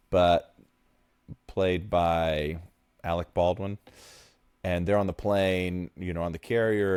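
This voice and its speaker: A man co-hosting a podcast, talking animatedly in quick bursts and retelling scenes. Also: deep voice, a little mellow, clear, resonant tone, dry recording. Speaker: podcast co-host. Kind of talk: casual podcast chat.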